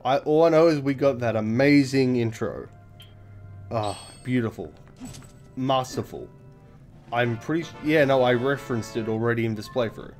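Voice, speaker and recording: A man's voice: medium pitch, moderate pace, a little mellow, faint music behind. A young man giving rambling, self-deprecating, sweary commentary over a game he plays. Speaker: let's play commentator. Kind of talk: casual gameplay commentary.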